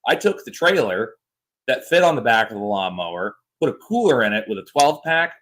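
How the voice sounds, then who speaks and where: Fairly quick and medium in pitch, this man in his thirties tells loose, over-the-top stories as a podcast co-host. The casual chat comes through on a low-quality recording.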